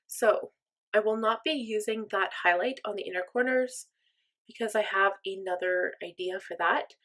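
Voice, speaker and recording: A woman chatting casually through a makeup tutorial, thinking aloud and joking at her own expense. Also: medium pitch. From mostly German, part Irish and Norwegian descent. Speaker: makeup vlogger.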